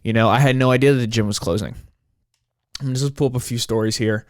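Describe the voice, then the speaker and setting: A young man in his twenties talks through a solo podcast episode, frustrated and rambling, with frequent swearing. His voice is smooth and clear at a middling pitch. The sound is dry and close. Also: fairly even intonation, quick pace, dry recording. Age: 20s. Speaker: podcast host.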